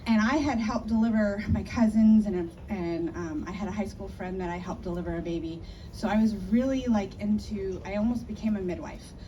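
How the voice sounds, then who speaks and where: A woman's voice: medium pitch, fairly even intonation, brisk, dark tone. A middle-aged woman, a family friend, telling a chatty story in a memorial speech, recorded from a distance. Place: memorial gathering. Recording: distant mic, faint background noise.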